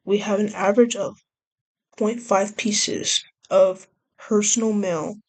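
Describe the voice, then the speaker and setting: Husky young woman chatting casually. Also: medium pitch, fairly even intonation, slow pace. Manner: rambling, chatty, trails off and restarts. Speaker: vlogger. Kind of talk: casual chat.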